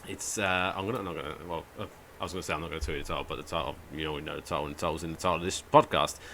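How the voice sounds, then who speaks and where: A man co-hosting a podcast in casual chat, telling stories in an animated way with swearing and asides. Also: very deep voice, very fast, slight background noise. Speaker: podcast co-host.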